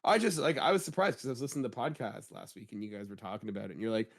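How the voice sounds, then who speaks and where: A man in his thirties hosting a gaming podcast in a casual, jokey way, his voice a little rough from a cold. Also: medium pitch, racing. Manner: animated, jokey, rising emphasis. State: slightly rough voice after a cold. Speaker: podcast host.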